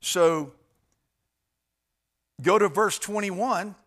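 Guy preaching off slides, bit of a higher voice, lots of restarts, gets loud on the big points. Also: drawn-out words. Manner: preaching with slides, swinging between loud emphasis and quiet asides; frequent restarts and filler. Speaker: pastor. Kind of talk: sermon.

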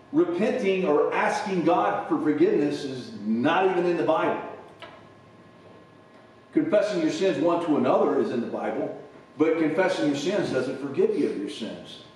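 A man's voice: on the high side, a little mellow, a little hiss or hum. A male preacher giving a conversational sermon, often repeating and restarting his words. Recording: echoey hall from far off.

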